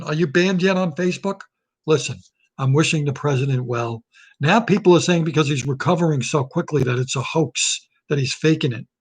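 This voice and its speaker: A man talking straight to his audience in a loose comic monologue, jumping from joke to joke. His voice sits somewhat high for a man, and his tone stays sarcastic and rambling. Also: breathy edge. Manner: rambling, sarcastic riffing with quick jokes. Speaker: comedian and host.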